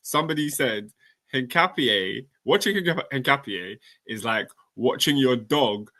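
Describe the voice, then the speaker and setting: A man's voice: mid-range voice, animated, takes it slowly, pushed and bright. A man co-hosting a football podcast, retelling a funny story in playful banter. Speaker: podcast co-host. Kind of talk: casual football chat.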